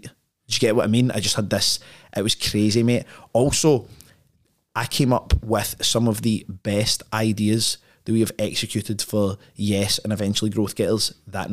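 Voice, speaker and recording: Animated man telling a story. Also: fairly low pitch, moderate pace. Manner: animated, slangy, full of fillers like "like" and "right?". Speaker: podcast guest. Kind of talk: casual conversational storytelling.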